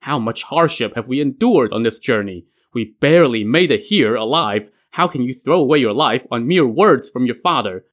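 A man's voice: medium pitch, animated, moderate pace, hardly any pauses, a bit bright. A man voicing a loyal general who pleads and argues urgently, in a told story. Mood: pleading. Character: loyal, pleading male general, a sworn brother.

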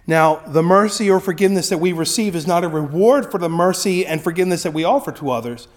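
A man preaching a sermon with a notably high-pitched voice. He talks conversationally and often checks in with his listeners as he teaches. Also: fast, hardly any pauses. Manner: conversational, with frequent tag questions. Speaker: pastor.

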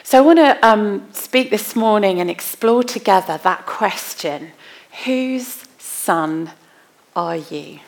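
A woman's voice: mid-range voice, expressive, slow. A woman in her forties preaching a sermon, telling stories with humour and stressing points through repetition. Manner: storytelling with humour, emphatic repetition.

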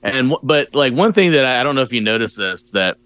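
A man's voice: mid-range voice, lively intonation, quick pace, fairly bright tone, clean tone, dry recording. Rambling male podcast co-host. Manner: rambling, filler-heavy reactions. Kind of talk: casual chat.

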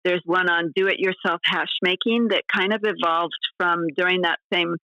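A woman guest speaking from California on a podcast, warm and giggly, thoughtful, with plenty of fillers. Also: fairly low pitch, steady tone, normal speed, dry recording, highs cut off. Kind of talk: conversational interview answers. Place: California, remote.

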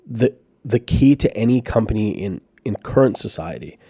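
A man's voice: fairly low pitch, animated, moderate pace, vocal fry, warm tone, husky, dry recording, studio quality. A man, a company founder and podcast guest, telling rambling, profane anecdotes in casual chat.

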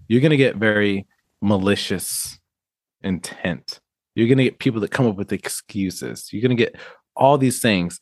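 A man in a casual podcast chat, telling animated, profane stories about managing people and acting out quotes. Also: fairly low pitch, no room sound, clean studio sound.

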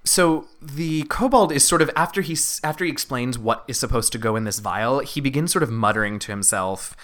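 A woman narrating as game master, chatty and animated with lots of fillers. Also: rumbling low, brisk.

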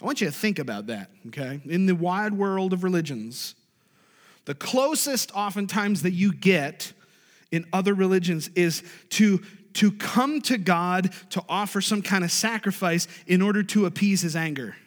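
A man preaching a sermon as a pastor, animated, with sudden loud, high bursts. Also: moderate pace, big-room sound. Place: church sanctuary.

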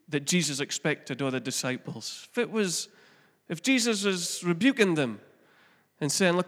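A man's voice: high voice, a bit bright, long reverb tail. A middle-aged man, preaching a chatty sermon that asks the congregation questions and mixes in family stories. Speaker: pastor. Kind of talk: conversational sermon.

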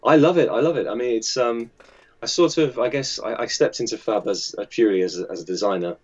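A man's voice: medium pitch, fast talker, darkish tone, dull audio. A man who edits and designs a magazine answers interview questions in a chatty, hesitant way, with many fillers and restarts.

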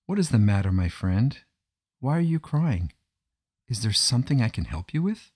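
A man voicing a kind, mysterious stranger who speaks gently and reassuringly in a storybook telling. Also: fairly low pitch, animated, unhurried, breathy edge, dry recording, studio quality, heavily acted.

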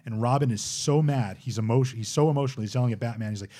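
A man's voice: medium pitch, very fast, mellow. A man in his forties hosting a casual chat and eagerly retelling cartoon plots.

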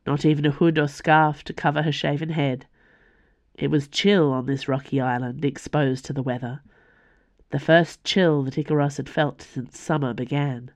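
A woman, the author, reading her own fantasy novel aloud for a podcast in a measured storytelling voice. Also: low-pitched, dry recording. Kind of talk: audiobook fantasy narration.

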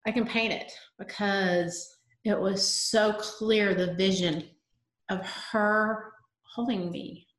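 Halting middle-aged mother in echoey room. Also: mid-range voice, steady tone. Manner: halting, breaks off mid-sentence, voice drops to near murmur. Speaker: guest, poet and mother. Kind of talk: emotional conversation.

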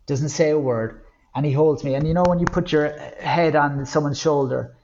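A man's voice: on the high side, normal speed, a little hiss or hum. Irish male guest, middle-aged, candid reflective storyteller, lo-fi recording. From Ireland. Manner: candid, reflective, with lively acted-out quotes. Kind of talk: personal storytelling interview.

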